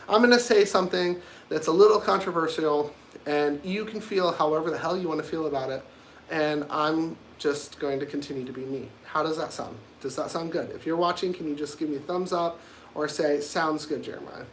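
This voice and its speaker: A man's voice: fairly high pitch, brisk, a little hiss or hum. A man hosting his own livestream, talking casually in a blunt, rambling and provocative way. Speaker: livestream host.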